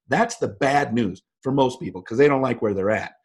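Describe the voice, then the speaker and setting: A man's voice: medium pitch, animated, normal speed, breathy edge. A man in his fifties telling stories with emphasis as a guest in an interview, his voice jumping up for quoted lines. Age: 50s. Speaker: guest speaker. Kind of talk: motivational interview talk.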